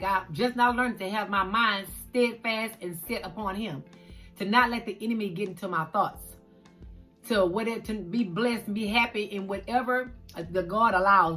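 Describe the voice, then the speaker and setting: Bright-voiced woman sharing a story. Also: mid-range voice. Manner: expressive, talks straight to viewers as "y'all". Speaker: vlog host. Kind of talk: emotional personal storytelling.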